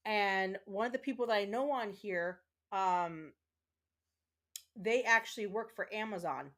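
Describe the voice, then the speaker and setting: This woman speaks at a moderate pace with a medium pitch and a fairly bright tone, casually chatting with viewers as she plays a game on stream. Her rambling talk is full of fillers and restarts, and she's tearing up, offering emotional thanks.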